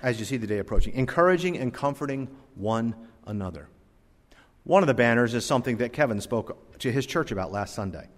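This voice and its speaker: A pastor preaching earnestly, telling a story in a sermon. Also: male voice, mid-range voice, lively intonation, a little fast, in a large hall.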